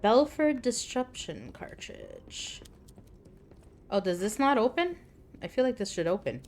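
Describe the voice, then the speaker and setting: A woman's voice: medium pitch, wildly swooping pitch, unhurried, darkish tone, slight background noise. A young woman streaming a game, chatting casually, joking and reading game text aloud. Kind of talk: casual gameplay commentary.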